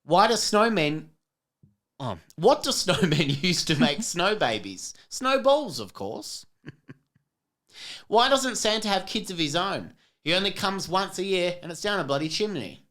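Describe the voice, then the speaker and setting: A woman's voice: lowish voice, very animated, measured pace, a bit bright. A woman in her thirties co-hosting a casual comedy podcast, reading silly puns with playful, jokey emphasis. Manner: joking, reads corny puns with playful emphasis. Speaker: podcast co-host.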